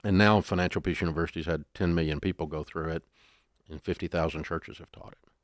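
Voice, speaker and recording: Deep man, folksy storyteller, animated, dry close sound, interview guest. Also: fast, no room sound.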